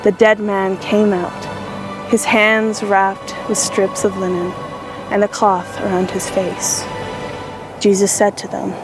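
A woman giving a measured, expressive scripture reading. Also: mid-range voice, music in the background. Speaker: scripture reader.

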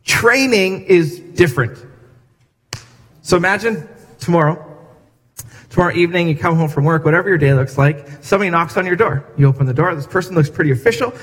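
A man's voice: on the high side, a little fast, a bit bright, big-room sound. A man preaching a sermon in a church, speaking conversationally and acting out little scenes with quoted voices for humor. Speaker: pastor. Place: church sanctuary.

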